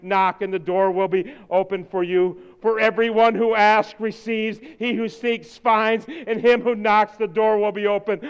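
High smooth-voiced pastor guy preaching, goes from quiet to yelling, big hall echo. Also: highs cut off. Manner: swings from quiet intensity to shouted exhortation. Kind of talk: sermon. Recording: long hall reverb.

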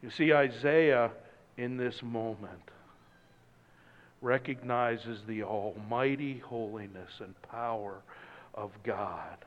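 A man preaching a sermon, moving from loud emphatic lines to hushed, low passages. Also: slow, in a large hall, lo-fi sound. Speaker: pastor.

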